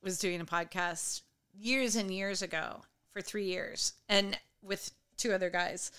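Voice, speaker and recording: A woman's voice: mid-range voice, fairly even intonation, a little slow, pushed and bright, smooth. A woman co-hosting a podcast in casual chat, talking in a reflective, agreeable way. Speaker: podcast co-host.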